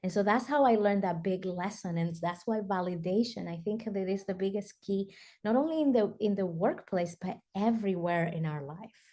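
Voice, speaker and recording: A woman's voice: mid-range voice, normal speed, mellow. A woman guest in an interview, telling a personal story earnestly with frequent fillers like "you know" and "like". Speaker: summit guest speaker.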